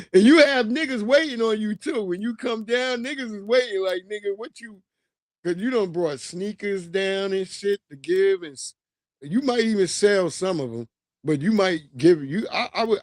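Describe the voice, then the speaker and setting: A man's voice: high-pitched, normal speed, no room sound, studio quality. Profane New man telling stories. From New York. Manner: animated, profane, streetwise storytelling. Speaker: livestream host. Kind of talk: casual storytelling.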